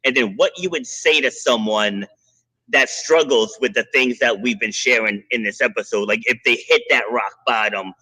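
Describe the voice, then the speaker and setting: A man hosting a podcast who tells a coaching story in a lively, casual way, chuckling now and then. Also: mid-range voice, moderate pace, poor audio. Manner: animated anecdote with chuckles.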